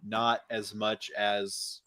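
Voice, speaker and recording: A man's voice: lowish voice, level tone, extremely slow, pushed and bright, dry recording. Laid-back man chatting with lots of "like". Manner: laid-back, heavy use of "like", laughs along. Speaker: podcast co-host. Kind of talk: casual movie review chat.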